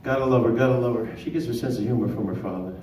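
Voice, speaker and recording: A man's voice: mid-range voice, racing. A man in his fifties doing a stand-up comedy set, with punchy joke delivery and voiced characters. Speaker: stand-up comic. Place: small comedy club stage. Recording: echoey room, distant mic, faint noise.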